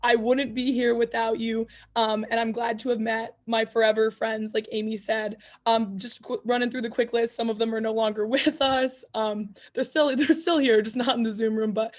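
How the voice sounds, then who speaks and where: A young woman giving an upbeat, casual farewell speech on a video call, full of shout-outs to her peers. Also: fairly high pitch, level tone, moderate pace, few pauses. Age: young adult. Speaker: student representative. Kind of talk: farewell speech at online meeting.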